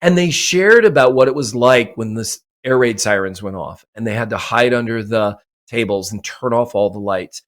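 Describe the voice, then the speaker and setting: With a mid-range voice, a moderate pace and few pauses, a mindset coach speaks as a guest on a podcast. His motivational talk is emphatic, with phrases repeated for effect.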